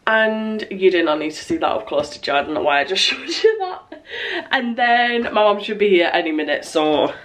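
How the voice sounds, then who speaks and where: A woman's voice: medium pitch, animated, moderate pace. Young british girl rambling to camera, nervous, a bit breathless, normal voice. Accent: British English. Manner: chatty, rambling, self-deprecating. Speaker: vlogger. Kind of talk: casual chat to camera.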